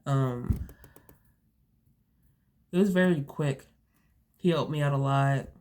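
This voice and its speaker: A woman's voice: extremely low pitch, slow, darkish tone. A young woman vlogging casually to her viewers, rambling with lots of fillers and restarts, a bit sniffly from allergies. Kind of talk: casual storytelling to camera.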